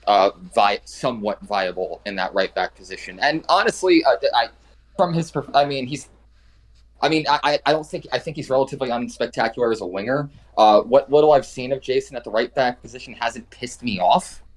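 A man's voice: medium pitch, brisk. A man co-hosting a football podcast, talking casually and hedging with lots of "like" and "I mean". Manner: hedging, many repeated "like" and "I mean". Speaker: podcast co-host.

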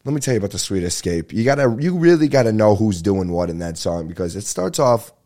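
A young man hosting a podcast, rambling in casual chat, swearing freely and talking fast. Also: on the low side, animated, warm tone. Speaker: podcast host.

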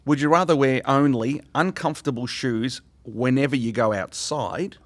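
A man hosting a casual chat, reading out questions and teasing his friends. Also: mid-range voice. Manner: teasing, quick-talking. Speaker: podcast host asking questions.

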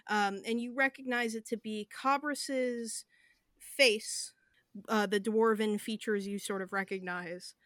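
A woman's voice: on the high side, steady tone, takes it slowly, fairly bright tone, no room sound. A woman running a tabletop game as game master, narrating in a vivid, descriptive way with some fillers.

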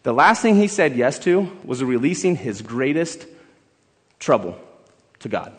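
A man preaching a sermon, emphatic and building to loud exhortation, in a church sanctuary. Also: medium pitch, very animated, a little slow, slightly rough. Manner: emphatic, rising to shouted exhortation, leads the congregation in song. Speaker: pastor. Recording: long hall reverb with faint music.

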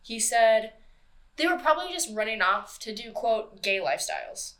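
A woman's voice: a little high, animated, normal speed, a bit bright. Chatty young woman telling a true-crime story. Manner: loose, profane storytelling with acted-out quotes. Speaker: podcast host. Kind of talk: casual true-crime chat.

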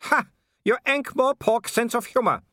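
A man's voice: very high voice, unhurried, pushed and bright, no echo, voice pushed up, exaggerated voice. A man voicing a mocking young male werewolf aristocrat in an audiobook, taunting and sneering.

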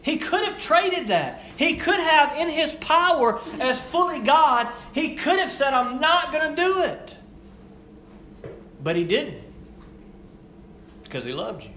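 Young male preacher, high pitch, hushed-to-raised sermon delivery, faint room ambience. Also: sing-song, unhurried, roomy sound, a little hiss or hum. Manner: emphatic repetition, swings between hushed and raised delivery.

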